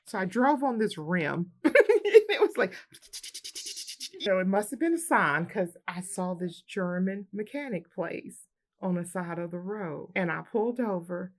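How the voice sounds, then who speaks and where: A military veteran woman telling a personal story to the camera in a lively way, laughing often as she goes. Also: lowish voice, a little slow. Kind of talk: personal anecdote told to camera.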